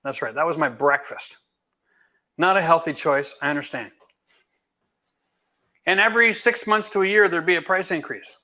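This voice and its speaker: A man's voice: on the high side, normal speed, pauses often, sharp tone. A middle-aged man from Canada, a home renovation host answering viewer questions in a blunt, emphatic, folksy way. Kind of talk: live Q&A chat.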